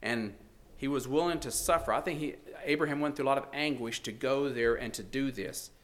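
A man's voice: medium pitch, fairly quick, a bit bright. A man preaching a sermon in an earnest, emphatic way, his voice swelling and dropping for emphasis.

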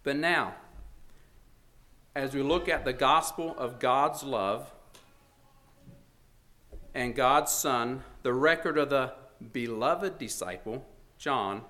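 A man's voice: medium pitch, pushed and bright. A man preaching a sermon in an earnest, emphatic way, his voice swelling and dropping for emphasis.

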